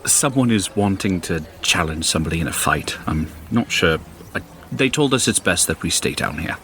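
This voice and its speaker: A man's voice: sits low, expressive, a bit bright, a little hiss or hum. A man playing a tabletop game who chats casually and protests playfully. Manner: playful, protesting, quick to laugh. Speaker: player.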